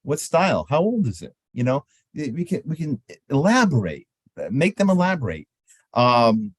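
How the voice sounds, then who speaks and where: A man teaches exhibitors how to work a trade show, his pitch swooping up and down as he acts out friendly exchanges with visitors. The sound is dry and close, with no room around it. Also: no echo. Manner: animated, acts out sample exchanges in lively voices. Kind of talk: seminar talk on trade show etiquette.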